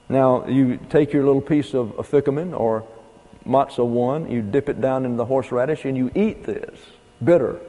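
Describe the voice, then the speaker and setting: A man's voice: mid-range voice, dark tone. A man giving a folksy, digressive Bible lecture to a class, spelling out words and numbering his points. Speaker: Bible teacher. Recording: hall with long reverb.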